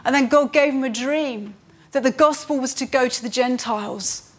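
Earnest woman preaching a sermon. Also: high voice. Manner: earnest, rising with emphasis, slows for scripture.

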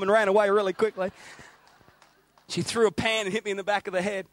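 A middle-aged man, English-born but raised in Australia, preaches a sermon in an animated, storytelling way, repeating phrases for emphasis. His voice is high and he speaks fast.

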